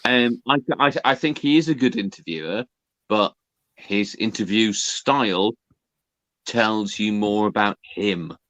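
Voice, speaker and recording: A man from Northern England, a guest on a casual comedy podcast, talking in a deadpan, defensive way. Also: fairly low pitch, a little slow, no room sound.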